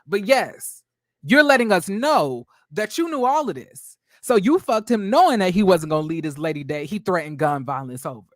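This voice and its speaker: A man hosting a gossip commentary channel, talking in a brash, profane, theatrical way with drawn-out exclamations. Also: high voice, sing-song, no echo, studio quality.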